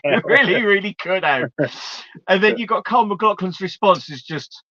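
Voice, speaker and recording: A man's voice: high voice, big pitch swings, normal speed, bright, forceful tone, no echo. Laughing, swearing man on a stream. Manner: swearing, laughing, mimicking film lines. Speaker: host. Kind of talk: casual chat on a live stream. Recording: dull lo-fi stream audio.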